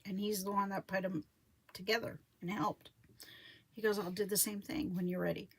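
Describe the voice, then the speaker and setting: Speaking at normal speed with a breathy edge to her mid-range voice, a homesteading vlogger talks casually on a live stream about life on her homestead. She meanders, fixes her own wording as she goes, and animates quotes from others.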